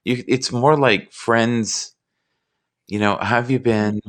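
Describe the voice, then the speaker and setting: A man's voice: medium pitch, steady tone, fairly bright tone. A man hosting a live stream, chatting enthusiastically and often stumbling over his words. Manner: enthusiastic, stumbling, quick to interrupt. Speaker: host. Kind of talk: casual chat on a live stream.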